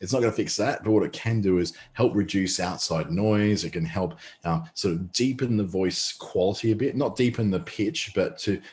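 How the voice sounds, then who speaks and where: Low-voiced Australian man with a slight lisp. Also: normal speed, few pauses, darkish tone. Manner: chatty, rambling with fillers and restarts. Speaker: presenter. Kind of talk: casual live online class. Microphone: mic a short distance away, no pop filter.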